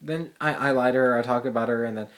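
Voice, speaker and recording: A man's voice: mid-range voice, fast talker. Exasperated, foul-mouthed teenage guy ranting. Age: teens. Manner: exasperated, profane, lively retelling. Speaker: vlogger, high school student. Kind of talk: casual storytelling rant.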